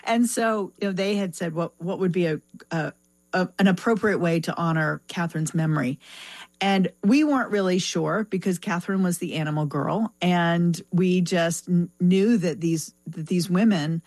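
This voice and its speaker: A woman's voice: lowish voice, normal speed, darkish tone, no room sound. A woman speaking as a foundation representative in an interview, reflective and full of restarts and fillers. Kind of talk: conversational interview.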